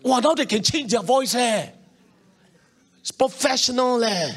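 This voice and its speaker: A male pastor with a Singaporean English accent gives a spirited, colloquial sermon, prompting the congregation to reply. He has a very high-pitched voice and speaks at a measured pace.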